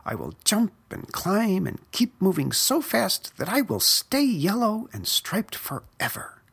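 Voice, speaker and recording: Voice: mid-range voice, unhurried, gravelly, husky, pitched above the performer's own voice, exaggerated voice. A storyteller voicing an eager, restless young male snake in a children's storybook. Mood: determined. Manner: excited, bursting with energy.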